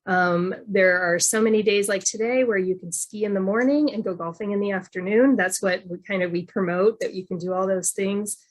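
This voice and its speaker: A woman chatting casually as a guest from Reno, halting, with many fillers and restarts. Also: mid-range voice. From moved to Nevada from elsewhere. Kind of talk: casual online chat.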